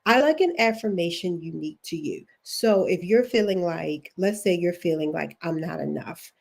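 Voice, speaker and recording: A woman's voice: on the low side, lively intonation, normal speed, creaky. A middle-aged woman with a Baltimore accent, hosting a livestream as a career coach, chatty and encouraging, reading viewer comments aloud.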